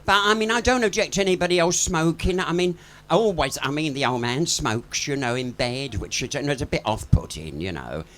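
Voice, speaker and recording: A man's voice: on the high side, animated, fairly quick, a bit bright. A man doing live stand-up patter on a pub stage, chatty and bawdy, swearing freely and laughing at his own jokes. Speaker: pub comedian and singer.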